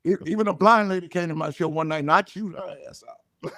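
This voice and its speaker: An older man, a comedian guest, telling stories and jokes in a loud, punchy way. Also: high-pitched, brisk. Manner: loud punchy joke delivery, animated storytelling. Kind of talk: storytelling comedy chat.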